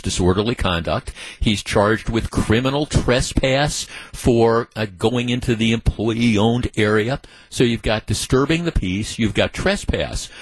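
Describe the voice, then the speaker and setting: A man's voice: mid-range voice, husky, no room sound, rough recording. A man hosting a talk radio show, telling a news story and taking calls in a conversational way, often repeating words as he thinks aloud.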